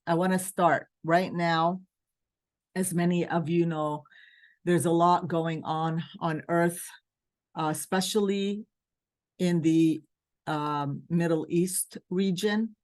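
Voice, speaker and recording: A woman from Palestine speaks in a lowish voice as she hosts a virtual spiritual gathering. She talks earnestly and with feeling, urging her listeners on. The sound comes through a video call mic. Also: fairly even intonation, takes it slowly. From West Bank, Palestine. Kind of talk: heartfelt talk to a virtual group.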